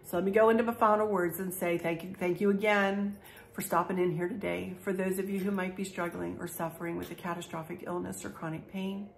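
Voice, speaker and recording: A woman's voice: lowish voice, little pitch movement, brisk, creaky, a little hiss or hum. A middle-aged woman, chatting through a home decor vlog in a gushing, folksy way, teary and emotional. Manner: gushing, folksy, repeats herself. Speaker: craft and home decor vlogger.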